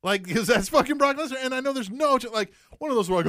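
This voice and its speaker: Joking man with a lively voice. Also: very high-pitched, fast talker, dry recording, studio quality. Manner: joking, laughs often, swears casually. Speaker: podcast co-host. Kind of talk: casual chat.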